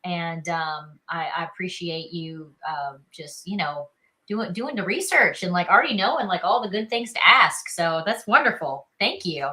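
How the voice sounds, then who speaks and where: A woman's voice: fairly low pitch, animated, moderate pace, sharp tone, rough recording. A woman in her thirties from South Carolina with a Southern accent, chatting as an interview guest and leaning on "you know" and "like". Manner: chatty, upbeat, many fillers like "you know" and "like". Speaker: guest, actress. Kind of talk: casual interview chat.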